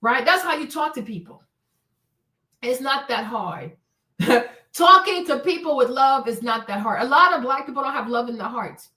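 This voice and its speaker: A woman's voice: high voice, expressive, normal speed, pushed and bright, echoey room. A woman hosting a commentary livestream, talking emphatically and often checking in with "right?" and "okay?". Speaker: host.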